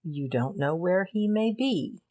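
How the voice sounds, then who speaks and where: A gruff police detective speaks bluntly and slowly in a low register, voiced by a woman narrator. He is direct and plain-spoken. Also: expressive, warm tone.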